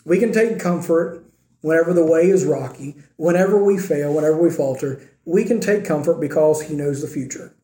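In an echoey room, a pastor gives a conversational sermon, performing the quoted dialogue as he narrates. His voice is a little high and warm, at a normal speed.

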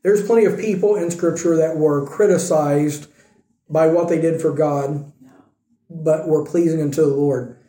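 Roomy-sounding pastor preaching. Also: male voice, on the high side, steady tone, measured pace, mellow. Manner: conversational preaching, rhetorical questions. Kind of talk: sermon. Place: church sanctuary.

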